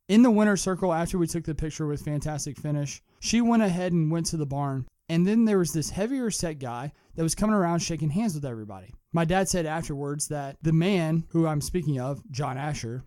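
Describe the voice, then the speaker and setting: A man's voice: a little high, expressive, brisk, few pauses, warm tone, no echo, clean studio sound. Young man hosting a sports talk show. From Kentucky. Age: young adult. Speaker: podcast host.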